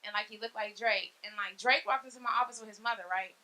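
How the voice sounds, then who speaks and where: A woman in her thirties doing a stand-up comedy set on a club stage, brash and profane with loud punchlines. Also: on the high side, fast. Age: 30s. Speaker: stand-up comic.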